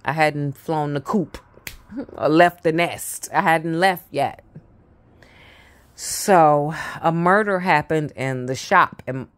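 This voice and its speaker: A woman tells a story at an unhurried pace. She stumbles and repeats words, then trails off into quiet mutters before picking the thread back up. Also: deep voice. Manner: halting, repeats herself, drops to mutters. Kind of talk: casual personal storytelling.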